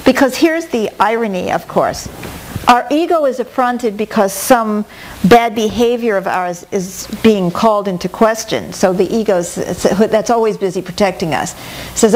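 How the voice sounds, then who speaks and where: A middle-aged woman teaching a talk on personal growth, animated, often acting out quoted inner voices. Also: mid-range voice, moderate pace, slight background noise. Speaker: workshop teacher.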